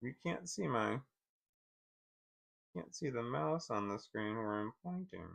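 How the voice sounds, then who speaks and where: Thinking aloud for viewers, a man vlogger struggles to zoom in on a picture on his computer, rambling and swearing through frustrated muttering. His mid-range voice is animated, gravelly, a bit bright, and a little slow. It's casual screen-share commentary.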